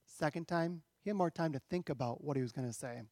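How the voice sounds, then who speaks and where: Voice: mid-range voice, fairly quick, dark tone, dry recording, clean studio sound. A pastor preaching a sermon in a church, talking conversationally and asking rhetorical questions.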